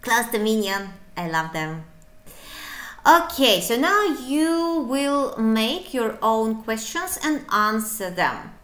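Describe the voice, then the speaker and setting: A woman's voice: fairly high pitch, sing-song, slow pace, fairly bright tone, reverberant. A woman teaching a beginner English lesson, encouraging and playful, breaking into little asides. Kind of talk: online language lesson.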